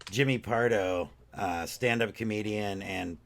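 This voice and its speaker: A man's voice: on the low side, a little slow, vocal fry. A man co-hosting a casual podcast chat, musing in a loose, rambling way with many fillers. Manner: rambling, wondering, full of fillers. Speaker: podcast co-host.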